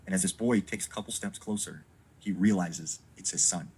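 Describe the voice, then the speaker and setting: A man's voice: sits low, normal speed, a little mellow, breathy edge, rough recording. A man casually retelling a creepy backwoods story, full of fillers and acted-out dialogue.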